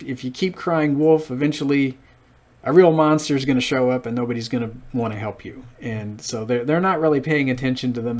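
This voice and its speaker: A man in his late thirties giving a casual solo episode review, chatting through the plot with frequent pauses and restarts. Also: medium pitch, darkish tone.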